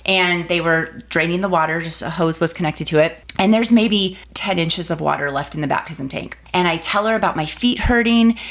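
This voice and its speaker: Animated lower-voiced woman storyteller. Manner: animated storyteller, acts out quoted voices with big pitch jumps. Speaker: podcast guest. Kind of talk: telling a personal faith story.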